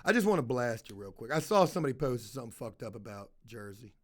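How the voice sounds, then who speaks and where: A man's voice: medium pitch, sing-song, fast talker. A man streaming casual commentary, reading chat aloud, rambling and swearing freely. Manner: rambling, swears a lot, slips into put-on voices.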